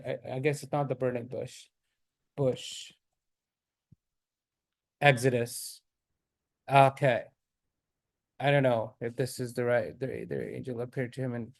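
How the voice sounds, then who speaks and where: A man teaching a class in a mosque, reading Arabic verses rapidly and then explaining them. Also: mid-range voice, darkish tone.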